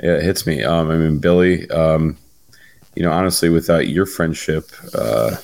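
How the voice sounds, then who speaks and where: Man, very low voice, dry close sound, laid-back halting chat, podcast co-host. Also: gravelly, a little mellow, dry recording. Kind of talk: casual chat.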